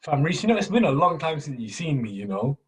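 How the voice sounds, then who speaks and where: A young man co-hosting a casual podcast chat, slangy and quick to laugh, often repeating his words. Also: a little high, sing-song, slightly rough. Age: young adult. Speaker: podcast co-host.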